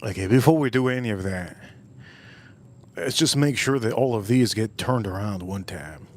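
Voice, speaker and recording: A man's voice: on the low side, normal speed, a little mellow. A man hosting a casual cooking and whiskey livestream, rambling playfully and repeating catchphrases. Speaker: livestream host.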